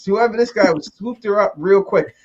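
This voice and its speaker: Animated joking man on a muffled call. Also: high voice, normal speed. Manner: animated, joking, laughs often. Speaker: host. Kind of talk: casual video chat.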